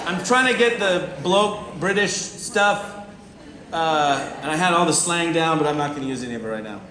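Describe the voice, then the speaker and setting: A man from the United States giving a joking, animated motivational talk to a live audience, acting out little scenes. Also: a little high, moderate pace, slight background noise. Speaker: motivational speaker. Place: event hall with audience. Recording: roomy hall recording.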